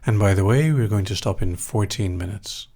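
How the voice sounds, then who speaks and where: A young Dutch man with a Dutch accent hosts a live question-and-answer session, reading listener questions aloud and answering them in an unhurried, dry manner. His voice sits low and carries a gravelly rasp. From Netherlands. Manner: calm, unhurried, dry humor. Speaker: hypnosis show host.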